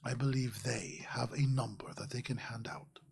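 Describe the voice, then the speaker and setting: A man's voice: mid-range voice, steady tone, moderate pace, vocal fry, slight background noise. A man voicing an ancient, long-winded spirit that lives in prayer beads and loves to lecture about storytelling. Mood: wise.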